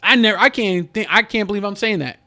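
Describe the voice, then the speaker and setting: A man's voice: high-pitched, fast talker, pushed and bright. A man venting in a casual sports vlog, rambling and frustrated, with many restarts. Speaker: sports fan vlogger.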